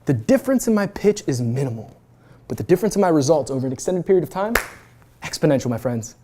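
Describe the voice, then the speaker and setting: A young man in his twenties is talking fast to a room of students, his pitch jumping all over. He is brash and pumped up, and he swears freely as he coaches them. It is a lively motivational talk from a guest speaker. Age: 20s. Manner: energetic, brash, casual with swearing. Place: university event room.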